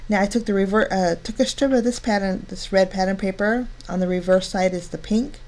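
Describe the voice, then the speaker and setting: A woman's voice: mid-range voice, fairly quick, a little mellow. A cheerful, chatty woman talking through each step of a card-making craft tutorial. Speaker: crafting channel host.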